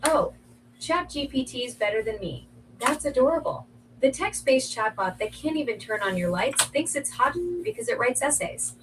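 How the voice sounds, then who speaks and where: A synthetic female voice playing a sassy home smart-speaker assistant, teasing with quick comebacks through a speaker. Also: high voice, animated, recorded from a distance. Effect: played through a home smart speaker. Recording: noisy smart speaker across the room.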